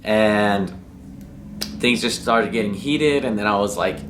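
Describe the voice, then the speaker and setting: A man's voice: fairly low pitch, slow, music in the background. A man from New Mexico casually telling a story about drag racing, slangy and rambling and cursing freely. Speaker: racing vlogger.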